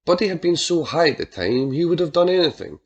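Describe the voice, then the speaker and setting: A man reading a dark crime story aloud as narrator, measured and dramatic. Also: fairly high pitch, big pitch swings, breathy edge, dull audio. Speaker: audiobook narrator.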